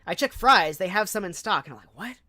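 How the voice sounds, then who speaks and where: A young man from Southern California streaming, telling a casual story in a chatty, animated way with lots of fillers and asides. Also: high-pitched, fairly quick, no echo.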